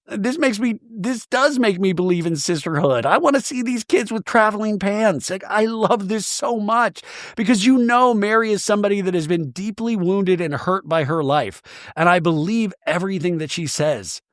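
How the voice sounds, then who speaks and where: A man's voice: high voice, moderate pace, no room sound, clean studio sound. A man hosting a reality TV recap, chatting casually and animatedly, often slipping into quoted voices. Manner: animated, gossipy, quotes cast members in put-on voices; emotional, laughs often. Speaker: podcast host recapping reality TV. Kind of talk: casual chat.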